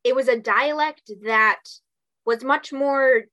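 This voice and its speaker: A young woman voice actress chatting in an interview, bubbly and quick, with a lot of "like". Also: high voice, sharp tone, rough recording. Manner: bubbly, fast, heavy use of "like". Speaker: voice actress guest. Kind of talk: casual interview chat.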